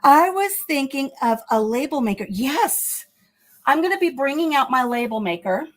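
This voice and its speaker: A woman's voice: sits high, animated, moderate pace. A woman chatting casually with her livestream viewers as she cleans out her kitchen fridge, a little out of breath. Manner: chatty, talks to viewers while working. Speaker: livestream host. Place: home kitchen.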